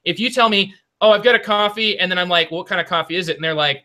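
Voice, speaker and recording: A man's voice: high voice, fairly even intonation, quick pace, few pauses, pushed and bright. A young man telling a long story in a casual board game podcast chat, full of restarts and asides. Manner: rambling storyteller with many restarts. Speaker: podcast co-host.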